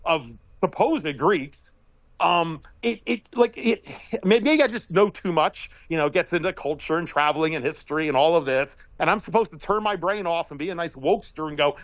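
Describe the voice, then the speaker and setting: A man giving a casual, rambling commentary monologue as a regular guest, telling stories in an animated way and laughing often. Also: fairly high pitch, normal speed, no room sound, poor audio.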